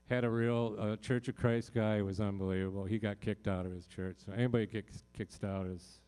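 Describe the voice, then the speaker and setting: A man with a lowish, mellow voice tells a personal story to a live audience from a concert stage. He talks loosely and from the heart, stacking up fillers and restarts as he goes. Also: fairly even intonation, normal speed. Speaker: singer-songwriter performing in concert.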